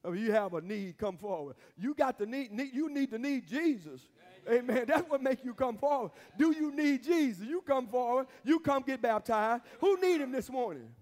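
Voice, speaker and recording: A man's voice: very high voice, lively intonation, normal speed, darkish tone. A man preaching a sermon as pastor, with emphatic call-and-response and repeated phrases, recorded in a church sanctuary. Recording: long reverb of a church hall.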